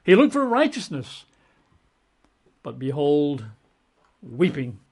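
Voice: medium pitch, sing-song, takes it slowly, a little mellow, breathy edge. A preacher giving a Bible exposition sermon, emphatic and conversational, piling up repeated synonyms with casual asides.

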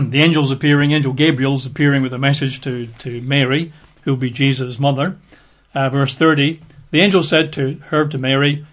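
A man's voice: medium pitch, fairly even intonation, normal speed. A man giving an informal Bible teaching, chatty and wry, spelling out names letter by letter. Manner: conversational, wry asides, spells out words letter by letter.

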